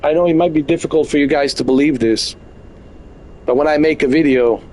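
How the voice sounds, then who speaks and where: A man's voice: on the high side, fairly quick, darkish tone, slight background noise, low-quality recording. A man giving casual, joking live commentary on a flight game from his bedroom, full of exaggerated mock complaints. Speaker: game streamer. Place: bedroom at home.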